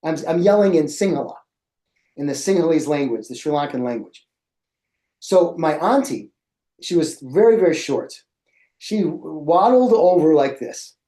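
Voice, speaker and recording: A middle-aged man tells a lively story to a room of educators, acting out his own reactions. His voice is mellow and warm, and his pitch rises and falls a lot. The sound bounces around an echoey room. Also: moderate pace. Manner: animated, acts out his own past reactions. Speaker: presenter for educators. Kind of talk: storytelling in a presentation.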